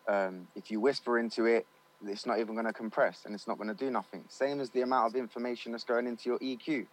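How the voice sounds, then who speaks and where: Brief: male studio engineer, mid-pitched, loose chatty interview talk, slang and fillers. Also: fairly even intonation, fast, low-quality recording. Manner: loose and chatty, slangy, many fillers like "you know what I mean". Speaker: studio owner and recording engineer. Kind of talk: casual interview chat.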